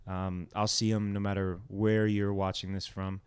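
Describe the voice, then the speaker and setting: Low-voiced man chatting on a livestream. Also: level tone, normal speed, a little mellow, clean tone. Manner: rambling and friendly, greeting viewers by name. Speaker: musician hosting his own livestream. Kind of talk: casual livestream chat with viewers. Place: home.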